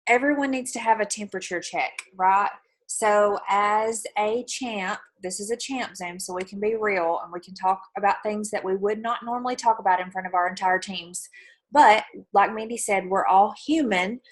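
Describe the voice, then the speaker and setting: A woman's voice: mid-range voice, normal speed. A woman giving an earnest, encouraging talk to fellow team leaders on a video call.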